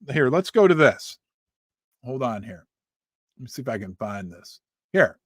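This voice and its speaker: A man's voice: a little high, no echo, studio quality. A middle-aged man hosting a finance commentary show, reading news aloud with emphatic, folksy asides and rhetorical questions. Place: home studio.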